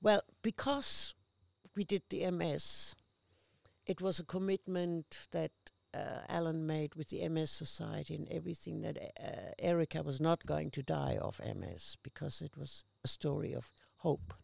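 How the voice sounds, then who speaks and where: Aussie lady chatting, lively storyteller, heavy fry in the voice. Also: deep voice, moderate pace, no echo. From Australia. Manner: lively anecdotal storyteller, acts out quotes. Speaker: actress guest. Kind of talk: casual chat.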